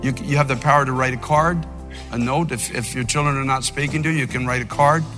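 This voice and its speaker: An older man preaching an impassioned sermon, moving between loud fervent outbursts and low, quiet storytelling. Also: steady tone, fast talker. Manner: fervent preaching, by turns shouting and dropping low, with storytelling asides. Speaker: pastor. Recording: long reverb of a big hall, faint music.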